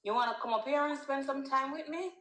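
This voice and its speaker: A woman's voice: high voice, fast talker, fairly bright tone, echoey room. A woman talking on the phone, scolding in short repeated phrases. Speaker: caller's mother on the phone. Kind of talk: phone conversation.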